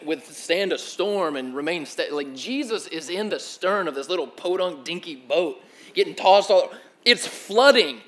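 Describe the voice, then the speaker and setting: A young man preaching a sermon, telling the story in an animated, slangy way that swings from loud to hushed. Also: on the high side. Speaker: pastor.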